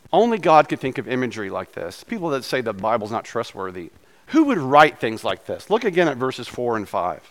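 Slightly hoarse male pastor preaching. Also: mid-range voice, a bit bright. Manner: conversational, self-deprecating preaching with asides. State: slightly hoarse from recent illness. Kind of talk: sermon.

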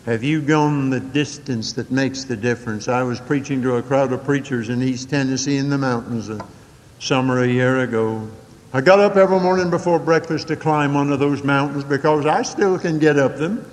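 An older man preaching a sermon, telling folksy stories with dramatic swings from quick asides to slow, drawn-out emphasis. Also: long reverb tail. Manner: folksy storytelling with dramatic swings in pitch and pace.

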